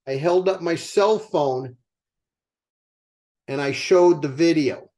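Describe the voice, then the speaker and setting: High-voiced older man telling sales stories. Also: takes it slowly. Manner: animated storyteller asking the audience rhetorical questions. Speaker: company co-founder speaking to sales team. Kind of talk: motivational sales storytelling.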